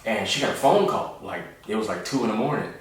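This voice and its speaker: A man's voice: fairly low pitch, animated, quick pace, distant mic. Laid-back joking man in an echoey room. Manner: laid-back, joking, acts out voices in his stories. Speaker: comedian. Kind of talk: casual storytelling monologue.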